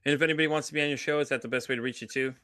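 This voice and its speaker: A man hosting a casual podcast who talks fast and tells his stories with animated energy. His voice is bright and forceful, and he swears freely. The sound is dry and close. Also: medium pitch, dry recording. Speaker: podcast host.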